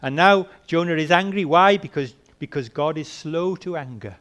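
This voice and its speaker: A man preaching a sermon, asking rhetorical questions and swinging between soft and emphatic delivery. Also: a little high, normal speed.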